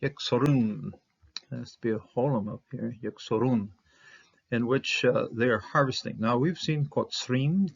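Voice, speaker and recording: A man teaching a casual verse-by-verse Hebrew lesson, halting and thinking aloud with many fillers and small chuckles. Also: mid-range voice, creaky, slightly rough. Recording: dull lo-fi recording.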